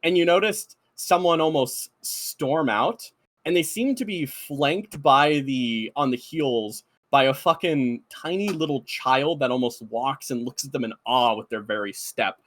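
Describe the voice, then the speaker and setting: A man's voice: mid-range voice, measured pace. A man narrating as game master of a tabletop role-playing game in loose, rambling narration. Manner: loose, filler-heavy narration. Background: soft background music.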